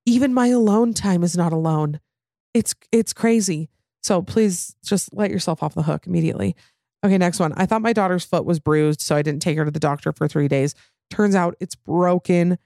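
A woman's voice: on the low side, a little mellow, no room sound, studio quality. Candid young woman chatting, lots of fillers. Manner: rambling, filler-heavy, frank with swearing. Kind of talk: casual candid chat.

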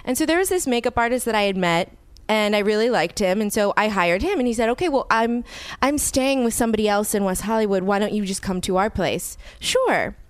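Podcast host lady, super animated storyteller, smooth clear voice, dry close sound. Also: mid-range voice, a little fast, hardly any pauses, no echo. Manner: animated, acts out quoted people, swears freely. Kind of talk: casual storytelling chat.

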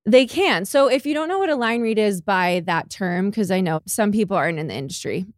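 A woman's voice: mid-range voice, expressive, fairly quick, no echo, studio quality. A woman co-hosting a comedy podcast, chatting casually in a playful, theatrical way. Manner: playful, theatrical, riffs and bits. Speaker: podcast co-host.

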